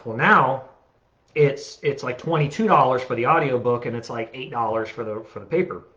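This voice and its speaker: A man's voice: medium pitch, normal speed, sharp tone, muffled recording. A man, hosting his own podcast in a casual, profane, rambling monologue that slips into rants. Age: late 30s. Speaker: podcast host. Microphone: studio podcast mic.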